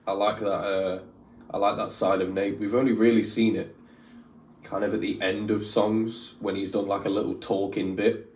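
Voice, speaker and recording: In a lowish, darkish voice with a level tone and moderate pace, a man hosts a reaction video, chatting casually and rambling through opinions with many fillers. There's slight background noise, roomy echo, a distant mic, and faint music.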